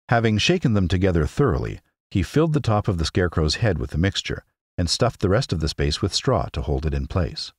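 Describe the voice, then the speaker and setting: A man with a very deep voice reads a classic story with lively, expressive intonation. The recording is dry and close, with no room sound. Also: no room sound. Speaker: podcast narrator. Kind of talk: audiobook narration.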